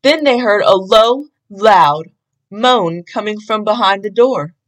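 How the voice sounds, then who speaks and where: A woman reading a children's storybook aloud in an expressive, sing-song way. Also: medium pitch, slow, low-quality recording. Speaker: storybook reader.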